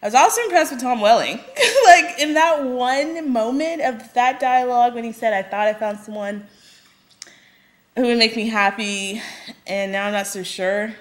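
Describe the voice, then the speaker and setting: Young female reviewer, casual episode commentary, higher voice, giggly, acts out dialogue. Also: normal speed. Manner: chatty and laughing, acts out quoted lines.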